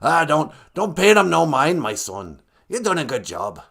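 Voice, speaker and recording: A man voicing a gruff male creator spirit who talks like a pirate, booming and fatherly. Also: big pitch swings, normal speed, fairly bright tone, exaggerated voice. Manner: booming, fatherly, calls others "me son".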